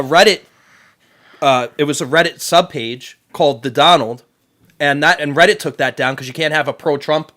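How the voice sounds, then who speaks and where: A man's voice: fairly high pitch, fairly bright tone. A man co-hosting a casual show, reading out stories in a blunt, profane way. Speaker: co-host. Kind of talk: casual podcast banter.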